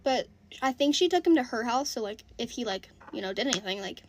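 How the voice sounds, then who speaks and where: High-voiced woman telling a storytime. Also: animated, a little fast, background noise. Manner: chatty, filler-heavy, exasperated. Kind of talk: casual storytime.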